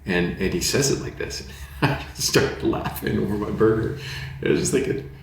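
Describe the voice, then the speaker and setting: A man, a pastor as guest, telling lively anecdotes with jokey asides in casual conversation. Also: lowish voice, moderate pace, gravelly, a little hiss or hum. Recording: very echoey room.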